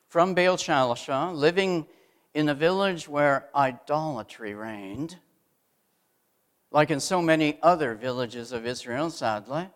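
A middle-aged man preaching a sermon, asking the congregation rhetorical questions and swinging from loud emphasis to hushed asides. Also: a little high.

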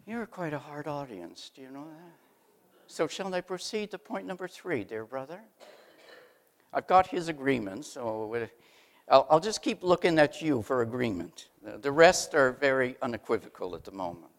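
A middle-aged man preaching a sermon, asking the congregation rhetorical questions and swinging from loud emphasis to hushed asides. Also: medium pitch, lively intonation, normal speed.

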